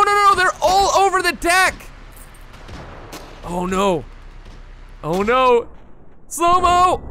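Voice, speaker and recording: An excitable man commentates on a video game, exclaiming often as he talks to his viewers. His voice sits high and bright, and he keeps an unhurried pace between bursts. Faint game gunfire plays beneath him. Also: slight background noise. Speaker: gameplay commentator. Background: game gunfire and explosions.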